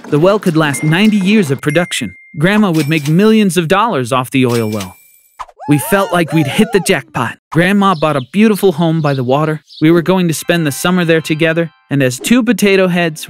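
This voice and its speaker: Lively male storyteller. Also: on the high side, slight background noise. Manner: animated, expressive. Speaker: narrator. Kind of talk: storytelling narration.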